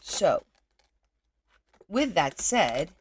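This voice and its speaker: A woman's voice: lowish voice, very animated, very slow, breathy edge. A middle-aged woman hosting a casual crafting livestream, chatting and teasing viewers as she works and greeting them by name.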